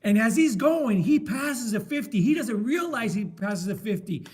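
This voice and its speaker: Middle-aged man, high-pitched, emphatic faith sharer who repeats himself like a preacher. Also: expressive, moderate pace, hardly any pauses, a little mellow. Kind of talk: passionate faith sharing.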